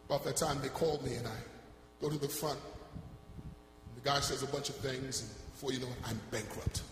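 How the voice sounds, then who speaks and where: High-voiced man preaching in echoing church. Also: fast. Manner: passionate storytelling, swinging from soft to loud. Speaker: gospel singer giving testimony. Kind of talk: sermon testimony. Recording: echoey church hall, faint hum.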